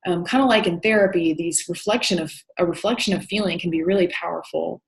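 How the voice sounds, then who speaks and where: Counseling teacher, female, deeper-set voice, patient explainer, reverberant room sound. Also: quick pace, creaky. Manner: explanatory, with frequent "um" and "you know". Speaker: counseling instructor. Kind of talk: recorded lecture.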